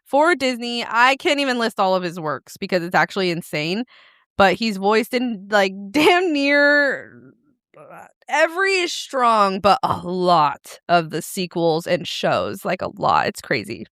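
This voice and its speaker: Young woman cohost rambling thru her notes, smooth voice, very dry sound. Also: mid-range voice, big pitch swings, measured pace, fairly bright tone, dry recording. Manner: laughing, swearing, reading out notes. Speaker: podcast co-host. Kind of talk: casual chat.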